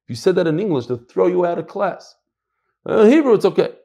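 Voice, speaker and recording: Animated American rabbi teaching. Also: male voice, high-pitched, fast talker, breathy edge, dull audio. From United States. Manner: animated, emphatic, drops in Hebrew and Yiddish terms. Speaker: Torah teacher. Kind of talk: Talmud class lecture.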